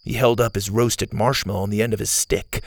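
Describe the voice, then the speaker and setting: Male kids' story host, gravelly voice, very animated delivery, dry close mic. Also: on the low side, fairly quick, no echo. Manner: warm, upbeat and direct to kids. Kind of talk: children's story reading.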